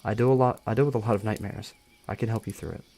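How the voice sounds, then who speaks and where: A man reading the lines of a gentle young man who talks a frightened friend through her panic in a storybook reading. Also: lowish voice, fairly even intonation, fast talker, gravelly, a little hiss or hum. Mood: soothing. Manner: soothing, reassuring.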